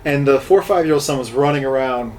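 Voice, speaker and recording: A woman co-hosting a podcast in casual chat, an animated storyteller who acts out the people she quotes. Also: very deep voice, fast talker, a crowd in the background. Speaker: podcast co-host.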